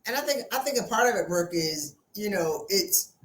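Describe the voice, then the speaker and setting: Woman, podcast host, emphatic, lively storyteller, echoey room. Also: medium pitch, moderate pace, noisy background. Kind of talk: casual podcast conversation. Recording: roomy echo.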